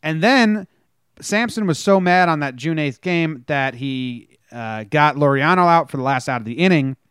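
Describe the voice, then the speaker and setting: A man's voice: fairly high pitch, moderate pace, clean tone, no echo, clean studio sound. A man co-hosting a casual sports podcast, retelling game moments and acting out the players' lines. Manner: animated storytelling, acts out quotes. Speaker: podcast co-host.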